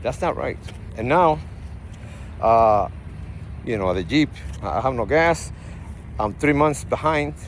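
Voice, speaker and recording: A man with a Puerto Rican accent talks into his phone outside, his voice sitting at an ordinary middle pitch. He rambles and jumps between asides as he vlogs. Faint street traffic runs quietly behind him. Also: takes it slowly, long pauses. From Puerto Rico. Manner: rambling, animated storytelling with frequent asides. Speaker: vlogger. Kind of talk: casual vlog talk. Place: outdoors in a parking lot. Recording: faint outdoor traffic noise.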